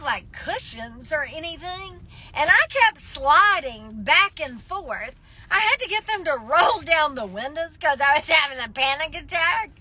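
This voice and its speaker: A woman's voice: high voice, bright, forceful tone. A woman telling a dramatic story to her phone from inside a car, laughing often as she goes. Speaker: social media live streamer. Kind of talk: casual storytelling.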